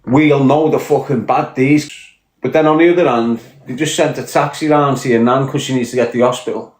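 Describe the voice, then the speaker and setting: A man's voice: medium pitch, steady tone, fairly quick, darkish tone. Profane Scouse man ranting, roomy sound. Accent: Liverpool Scouse. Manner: blunt, profane, emphatic. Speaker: podcast guest. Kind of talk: podcast rant. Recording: echoey room.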